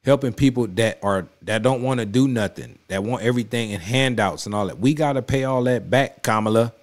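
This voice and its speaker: A man's voice: medium pitch, fairly quick. Emphatic man reacting to a political clip. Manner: emphatic, repetitive, conversational street talk; addresses the clip directly with rising heat. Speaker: reaction video host. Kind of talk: casual political reaction commentary. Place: home studio.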